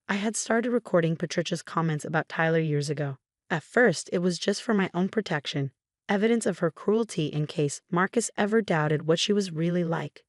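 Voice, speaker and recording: Calm, low-voiced young woman narrator. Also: dry recording, clean studio sound. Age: young adult. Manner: calm, measured storytelling. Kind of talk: scripted first-person story narration.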